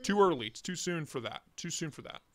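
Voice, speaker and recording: A man with a high voice hosts a relaxed morning livestream. He rambles and jokes as he greets viewers one by one, and his pitch swings a lot as he talks. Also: a little fast. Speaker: livestream host. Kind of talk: casual morning livestream chat.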